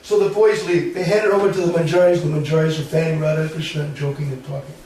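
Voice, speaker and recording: Animated man telling a sacred story. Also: on the high side, quick pace. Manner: animated, laughing, acts out voices. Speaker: swami, spiritual teacher. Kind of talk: devotional storytelling sermon. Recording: very echoey hall, distant mic, faint hiss.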